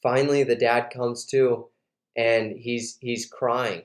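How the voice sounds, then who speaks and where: Male host, casual and animated, recorded in a roomy space. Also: medium pitch, slow. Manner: animated storyteller, lots of fillers. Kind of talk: casual interview storytelling. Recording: roomy echo.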